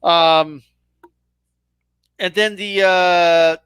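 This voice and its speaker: A man's voice: sits high, fairly even intonation, very slow, a bit bright, clear, resonant tone, no room sound. A man co-hosting a casual wrestling talk, laid-back, often adding "bro" and "you know what I mean". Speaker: co-host. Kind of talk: casual chat.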